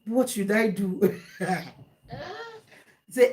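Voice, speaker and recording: A woman with a Nigerian accent recounts a viewer's story to her audience, animated and exasperated, often repeating herself. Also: a little high, slow pace, pauses often. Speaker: vlogger giving advice.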